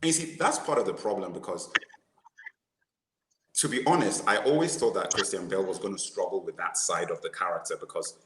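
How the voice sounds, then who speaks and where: A man co-hosting a casual movie discussion, talking in an animated way, restarting his sentences and laughing at his own jokes. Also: deep voice, brisk, roomy sound, background noise. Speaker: podcast co-host.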